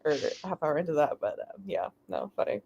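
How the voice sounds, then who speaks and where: Woman host on a casual home stream, lively up-and-down delivery, giggly and full of fillers. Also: low-pitched, a little fast, vocal fry, dull audio, slight background noise. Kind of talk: casual chat on a live stream. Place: lying in bed at home. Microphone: headphones with mic.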